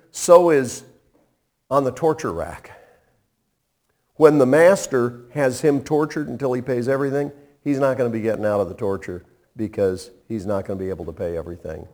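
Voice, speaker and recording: A man preaching a sermon, retelling a parable with animated storytelling and acted-out voices. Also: mid-range voice. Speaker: pastor.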